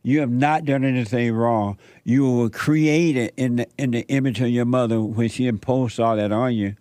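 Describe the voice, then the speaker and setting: A man's voice: medium pitch, fairly even intonation, normal speed, dark tone, dry recording. A middle-aged man hosting a call-in show, giving firm spiritual advice in short repeated commands. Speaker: radio call-in host giving life advice.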